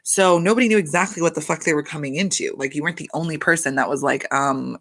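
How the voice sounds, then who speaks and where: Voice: mid-range voice, big pitch swings, a little fast, creaky, a bit bright. A reality TV recap host talking in a casual, chatty, profane way, full of fillers.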